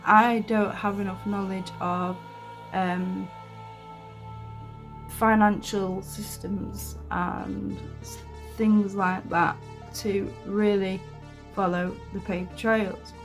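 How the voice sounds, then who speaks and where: A woman talks slowly to camera as an online host, wandering off into asides, with fillers and the odd swear word. Her pitch sits in the middle, and faint music plays underneath. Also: little pitch movement. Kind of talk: casual commentary to camera.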